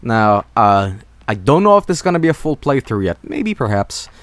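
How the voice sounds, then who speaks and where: A man's voice: medium pitch, sing-song, moderate pace, no echo. A young man giving casual live gameplay commentary, rambling and full of fillers. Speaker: streamer.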